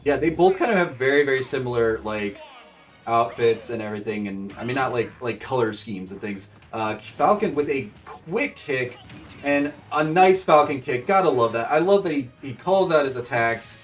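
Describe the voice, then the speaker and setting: A man calls fighting game matches in a loose, rambling play-by-play, full of fillers and sudden excited shouts. His voice sits at a middling pitch and sounds a little away from the microphone, with faint music underneath. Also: moderate pace, far from the mic. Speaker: streamer commentating AI fight bracket. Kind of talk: casual play-by-play commentary.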